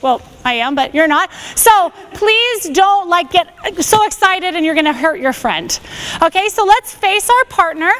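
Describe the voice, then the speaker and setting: High-voiced woman teaching self-defense. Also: a little slow. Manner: energetic, gives commands, checks in with "okay?". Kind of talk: classroom instruction. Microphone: wearing a microphone.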